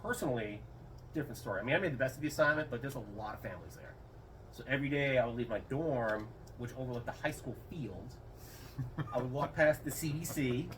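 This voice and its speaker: A rambling man, a retired Air Force guest in an interview, tells casual stories and raises his voice when animatedly quoting. His voice is medium-pitched and fast. The mic is slightly distant, with faint room noise.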